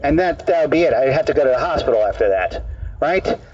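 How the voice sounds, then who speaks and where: A male street comedian telling a rambling, deadpan absurd story in halting, repeated phrases to people in an outdoor park. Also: a little high. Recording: dull distant outdoor recording.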